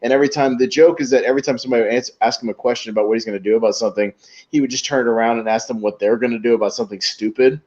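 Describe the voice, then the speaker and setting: A man's voice: medium pitch, racing. A young man co-hosting a podcast, chatting casually and retelling comedy sketches with laughter. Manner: animated storyteller, acts out sketch quotes with laughter. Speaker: podcast co-host. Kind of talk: casual chat. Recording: dull lo-fi audio.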